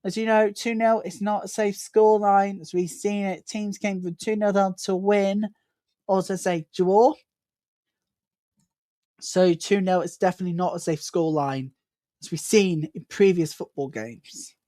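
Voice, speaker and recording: A woman hosting a live football watchalong, giving chatty play-by-play and building excitement whenever an attack comes. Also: mid-range voice, unhurried, dry recording. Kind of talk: live match commentary.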